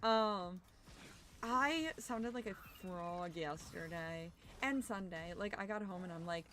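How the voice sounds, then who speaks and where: A young adult woman streamer chatting casually while gaming, rambling with fillers and sounding a little hoarse as her voice recovers. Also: mid-range voice, slow, a little hiss or hum. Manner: animated greetings to chat. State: slightly hoarse from overuse, recovering.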